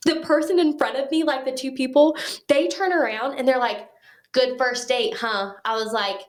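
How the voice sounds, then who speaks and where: This podcast guest, a woman with a high voice, tells a story at a moderate pace during casual conversation. Lively and chatty, she performs other people's words herself.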